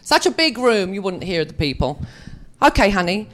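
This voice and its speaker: Woman on a convention panel, chatty and jokey, animated up-and-down delivery. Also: mid-range voice, moderate pace. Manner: chatty, joking, self-mocking. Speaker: actress speaking at a fan convention panel. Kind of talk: anecdotal storytelling to a live audience.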